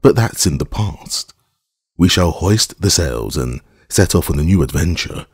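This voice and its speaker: A man's voice: low voice, animated, measured pace, darkish tone, husky, dry recording, clean studio sound, exaggerated voice. A man voicing a wry, eager male detective in an audiobook.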